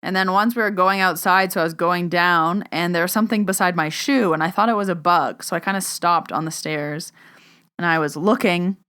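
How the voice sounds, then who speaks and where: A young woman, a podcast host and medium, chats casually into a podcast microphone on her solo show. Her voice is a little low for a woman, clean, brisk and a bit bright, with fairly even intonation. She tells stories chattily, says "like" a lot, and acts out both sides of every conversation.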